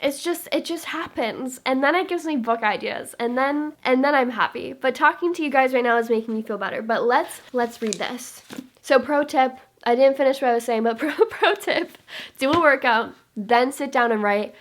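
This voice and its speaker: A woman's voice: high voice, normal speed. Bubbly, chatty young woman vlogger. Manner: bubbly and chatty, drifts off topic, reads aloud with emotion. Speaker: book vlogger. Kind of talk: casual chat to camera.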